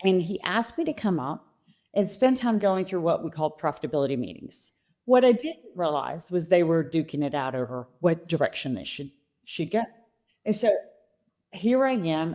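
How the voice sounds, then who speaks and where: Low, mellow-voiced businesswoman telling stories. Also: normal speed. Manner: animated anecdotes, quoting her father. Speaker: guest, company CEO. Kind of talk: interview storytelling.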